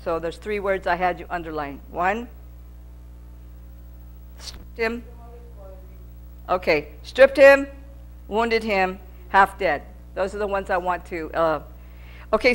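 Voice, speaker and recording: Earnest higher-voiced woman preaching. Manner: earnest, repetitive preaching that gets louder with emphasis. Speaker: Bible teacher. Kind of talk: sermon teaching.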